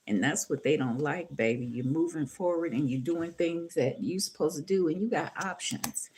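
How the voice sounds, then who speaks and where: Low-voiced woman giving a profane tarot reading. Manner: profane, rambling, talks to viewers as "boo" and "baby". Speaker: tarot reader. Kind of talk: casual spoken tarot reading. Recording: steady background noise.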